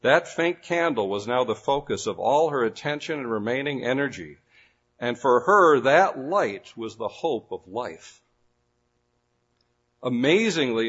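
A man with a husky, slightly breathy voice tells a dramatic story from the pulpit. He builds suspense with careful pauses and a vivid storyteller's delivery. The sound is dull and lo-fi. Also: medium pitch, fairly bright tone. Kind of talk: dramatic storytelling sermon illustration. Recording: dull lo-fi recording.

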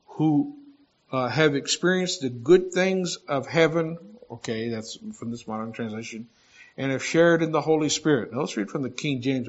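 A man's voice: fairly high pitch, dull audio. A man preaching a sermon, reading scripture and explaining it verse by verse in a conversational way, with asides and restarts. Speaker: pastor.

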